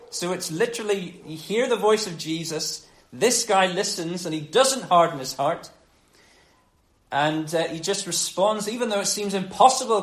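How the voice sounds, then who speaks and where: A man preaching a sermon on a gospel passage in a conversational, animated way, dropping low and quiet for emphasis. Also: reverberant, low-quality recording.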